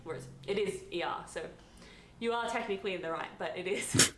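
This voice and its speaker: A woman's voice: fairly low pitch, brisk, fairly bright tone, slight background noise. A woman with an Australian accent chatting casually to camera, laughing often as she talks. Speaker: office worker sharing opinions. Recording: roomy echo.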